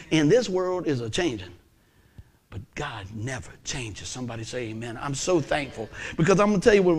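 A male pastor preaching a sermon, emphatic and animated, with folksy asides. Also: a little high.

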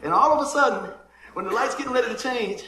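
Laughing pastor in an echoey room. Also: male voice, extremely high pitch, fast, a crowd in the background. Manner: lively storyteller, laughs often, acts out the people in his story. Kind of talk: sermon opening with a comic personal story.

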